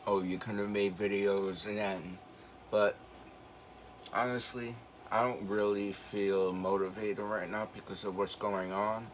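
A man's voice: lowish voice, level tone, unhurried, slight background noise, low-quality recording. A teenage young man with a slight retainer-affected speech impediment, chatting casually in a rambling, hesitant way. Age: late teens. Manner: rambling, hesitant, lots of fillers. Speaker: video reactor. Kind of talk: casual chat.

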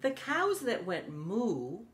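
Very slow, animated woman reading to kids. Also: medium pitch, slight background noise. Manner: animated, asks young listeners questions. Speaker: children's story reader. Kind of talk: reading a picture book aloud to children.

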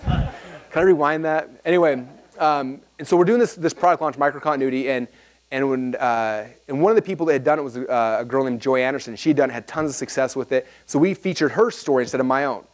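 A man giving a live seminar talk to an audience, animated and rambling with asides and restarts. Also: medium pitch, fast. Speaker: seminar speaker. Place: event hall with audience.

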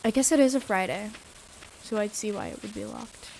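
A woman's voice: medium pitch, big pitch swings, a little fast, gravelly, a little mellow, a little hiss or hum, rough recording. A woman streaming a video game, chatting casually and giggling as she reacts aloud to what happens on screen.

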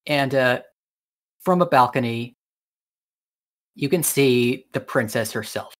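A man serves as game master, narrating a tabletop scene at a slow pace. He halts often to find the next word. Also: medium pitch, a bit bright. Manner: unhurried, halting narration with fillers.

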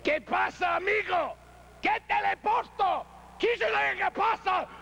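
Guy putting on a mocking wrestler voice, super high and gravelly, broken english. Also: moderate pace, pushed and bright, heavily acted.

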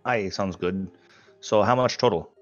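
A man's voice: on the low side, unhurried, lo-fi sound, soft background music, natural voice. A man voicing a polite, cash-poor dwarf traveler with a put-on Scottish-style accent, saying aye and mayhap. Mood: polite, dry. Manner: old-fashioned speech with aye and mayhap.

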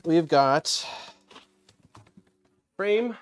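A man's voice: fairly high pitch, lively intonation, extremely slow. A man hosting a casual live-stream unboxing, thinking aloud and greeting viewers in chat. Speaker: streamer host.

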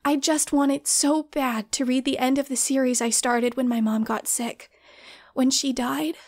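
A woman's voice: sits high, steady tone, normal speed. A woman reading as an earnest grieving fan. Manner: earnest, emotional. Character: grieving young woman, devoted book fan.

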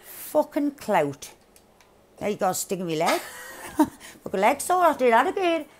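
A woman giving loud, excitable, swearing commentary over her gameplay, laughing often. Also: high-pitched, moderate pace, slight background noise. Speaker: gaming streamer.

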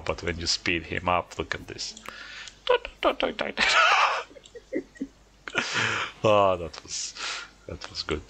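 With game music playing behind him, a man commentates his own gameplay casually, coaxing and needling the characters. His voice is low-pitched with a sharp tone, and there's a bit of background noise.

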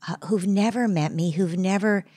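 A woman guest speaking in a podcast interview in a slow, reflective and halting way. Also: medium pitch, dark tone, dry recording, clean studio sound. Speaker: guest, parenting psychologist. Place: Brooklyn brownstone.

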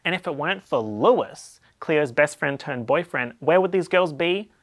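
A man's voice: a little high, expressive, normal speed, a bit bright, slight background noise. An Australian man hosting a comedic explainer video, talking in a playful, wry and sarcastic way. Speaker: YouTube host.

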